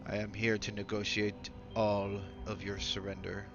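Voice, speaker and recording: A man voicing a cold, menacing male clone conqueror with a deep, husky voice and slow, measured threats, in a dull lo-fi recording. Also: monotone, music in the background, natural voice.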